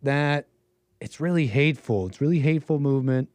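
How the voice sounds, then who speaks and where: He sounds a little sick, but this livestream host talks briskly in a somewhat high, slightly mellow voice. Close-miked with no echo, he rambles and chuckles through casual call-in commentary, often interrupting himself.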